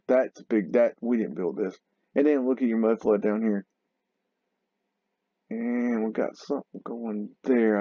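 A man hosting a video, talking loosely and excitedly over photos, often exclaiming and swearing. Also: medium pitch, dry recording, muffled recording. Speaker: video host. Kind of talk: rambling commentary over photos.

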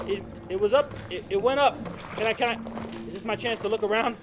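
A man commentating casually and profanely while playing a horror game, yelling when startled. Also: high-pitched, a little fast, slight background noise. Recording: loud game music under voice.

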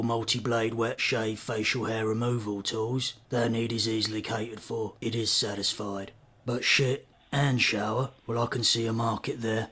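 A man delivering a mock-serious comic monologue in a deadpan, grandly formal manner. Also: mid-range voice, slightly rough.

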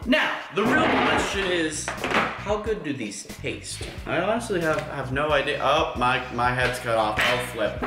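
Playful young man vlogging in an echoey room. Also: mid-range voice. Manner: playful, excitable, chatty with viewers. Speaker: YouTube vlogger. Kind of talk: casual vlog talk to camera. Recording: roomy echo with music bed.

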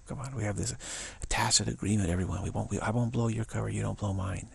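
A man giving a spiritual talk who speaks haltingly, stammers and repeats words, and chuckles at his own points. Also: fairly low pitch, fairly even intonation, gravelly, a little mellow, breathy edge. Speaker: spiritual teacher.

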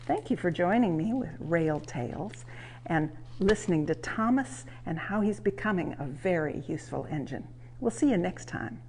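A woman hosting and reading a children's train story aloud, in a warm, lively, expressive way. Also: on the low side, moderate pace, slight background noise. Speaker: storyteller, museum host. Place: railway museum.

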